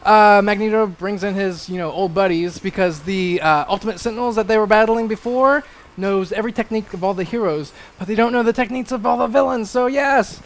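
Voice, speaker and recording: A young adult man recapping a comic issue on a panel, excitable and rambling, full of fillers. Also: high-pitched, fairly quick.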